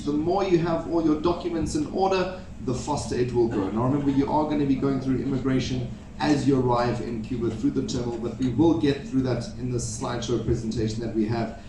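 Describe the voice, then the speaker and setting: On a cruise ship theatre stage, a South African cruise director hosts with upbeat jokes, playing the showman with the crowd. His voice is mid-range. Background noise is present, and the echoey hall is captured from far off, with crowd sounds and music.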